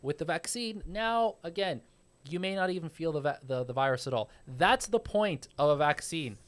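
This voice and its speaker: A fairly high-pitched man talks in a loose podcast chat. He explains his point emphatically and swears freely. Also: expressive, moderate pace. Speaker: podcast co-host. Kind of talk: casual chat.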